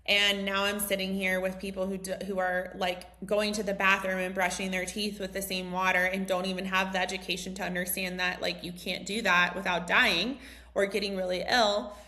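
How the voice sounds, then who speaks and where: A woman in her thirties from the United States, a mindset coach hosting a group session, tells a personal story in a chatty way. Her mid-range voice moves at a moderate pace, and her animated retelling is full of "like" and "um."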